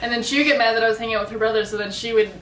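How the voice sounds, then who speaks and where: A woman's voice: a little high, steady tone, racing, fairly bright tone, slight background noise. A young woman in her early twenties chatting casually and laughing often. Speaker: co-host, roommate. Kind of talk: casual chat. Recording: roomy, from some distance off the mic.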